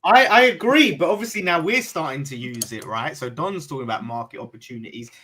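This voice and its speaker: A man co-hosting a football podcast with a slightly high, bright voice. He talks fast and keeps hesitating with fillers. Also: animated, a little hiss or hum. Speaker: podcast co-host. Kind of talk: casual football podcast chat.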